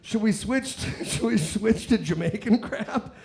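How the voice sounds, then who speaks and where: A man doing stand-up comedy on a live stage, profane and rambling, working the crowd with bursts of shouting. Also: high-pitched, expressive, measured pace.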